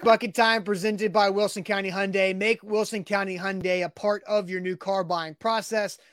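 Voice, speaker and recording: A man's voice: sits high, fairly even intonation, moderate pace, fairly bright tone, slight background noise. A man co-hosting a casual morning sports show, talking in a loose, rambling way and laughing readily. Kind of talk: casual sports radio chat.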